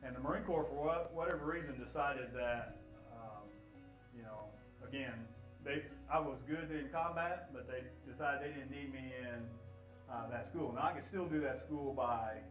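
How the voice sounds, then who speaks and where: Middle-aged man telling his faith story, earnest, halting, sounds set back from the mic in a roomy space with faint music under him. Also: mid-range voice, fairly bright tone, far from the mic. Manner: reflective, earnest, halting with pauses. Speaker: retired Marine giving a testimony. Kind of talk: personal testimony in a church video.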